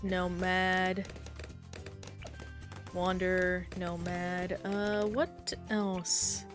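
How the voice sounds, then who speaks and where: A woman's voice: on the low side, little pitch movement, extremely slow, faint music behind. Chatty woman streaming a game. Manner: chatty, self-reflective, reads chat aloud. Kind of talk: casual gaming stream chat.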